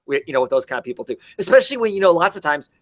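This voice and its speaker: A man's voice: on the high side, sing-song, rapid-fire. A man in casual chat, rambling and restarting his sentences as he talks about meeting creators.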